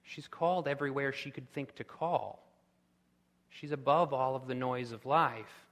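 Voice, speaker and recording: A man preaching a sermon with impassioned delivery, rising to loud pleading cries. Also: medium pitch, a little slow, long reverb tail. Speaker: pastor.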